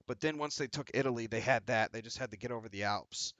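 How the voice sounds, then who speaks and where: A man's voice: medium pitch, fast talker, fairly bright tone, no echo. A man hosting a casual livestream chat, joking and swearing freely as he talks. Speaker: stream host.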